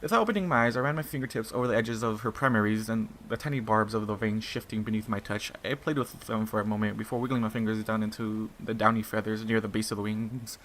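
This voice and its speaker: A man's voice: on the low side, fast talker, few pauses, fairly bright tone, a little hiss or hum. A man reading a fan fiction story aloud in a casual way, stumbling and restarting, and breaking off to swear in asides. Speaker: narrator.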